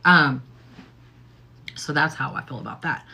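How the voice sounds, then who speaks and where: Hosting a laid-back get-ready-with-me livestream, this middle-aged woman chats and rambles, repeating "okay?" and "like" constantly. Her voice is low, gravelly, pushed and bright, delivered at a measured pace.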